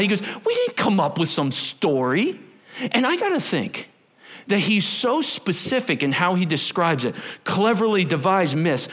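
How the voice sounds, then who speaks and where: A pastor preaching a sermon to his church, acting out scripture with questions and asides. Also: high voice. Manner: animated, acts out scripture and voices with asides. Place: church sanctuary with a screen behind him.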